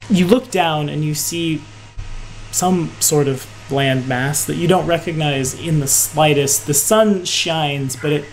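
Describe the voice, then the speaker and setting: Slow, low-voiced woman game master. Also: a little hiss or hum, rough recording. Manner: unhurried, relaxed, with lots of "like". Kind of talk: narrating a tabletop game.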